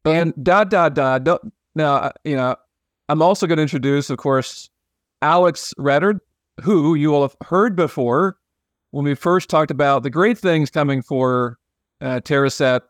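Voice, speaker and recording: A man's voice: on the high side, a little slow, dry recording, clean studio sound. A man hosting a podcast, joking and rambling with frequent restarts in casual chat. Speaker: podcast host.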